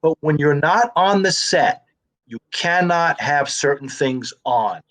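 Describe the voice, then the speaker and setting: A man, an actor and comedian, tells stories in a casual conversation, animatedly performing the dialogue he quotes. His voice is fairly high and he speaks slowly.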